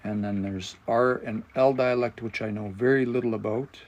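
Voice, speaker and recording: A man leads a live language lesson, his voice gravelly with fry. He talks things through out loud, stopping now and then to find the right word while he explains the grammar. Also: mid-range voice, steady tone, moderate pace, highs cut off. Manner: thinking aloud, explanatory, searching for words. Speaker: language teacher and livestream host.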